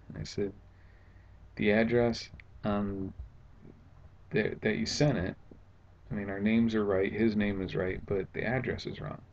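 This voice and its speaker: Low gravelly man, sarcastic vlog rant. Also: fairly even intonation, measured pace, a little mellow, highs cut off, a little hiss or hum. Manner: sarcastic, exasperated retelling. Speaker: vlogger. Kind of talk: casual storytelling vlog. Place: at home indoors.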